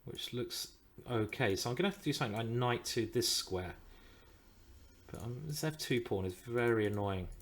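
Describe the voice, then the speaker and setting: A man's voice: medium pitch, fairly bright tone. A man streaming live chess, thinking aloud about his moves and swearing and groaning when things go wrong.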